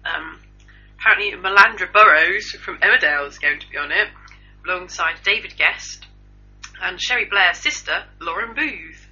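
Woman, casual news chat co-host, dry jokes, piercingly bright tone, lo-fi recording. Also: lowish voice, moderate pace. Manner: dry, joking news rundown. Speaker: podcast co-host. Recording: lo-fi home recording.

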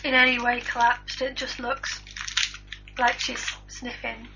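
A woman's voice: a little high, little pitch movement, unhurried, gravelly, heavy background noise. A woman co-hosting a casual homemade chat show, trading crude jokes about celebrity gossip. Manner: crude, joking banter. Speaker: podcast co-host. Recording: lo-fi home recording.

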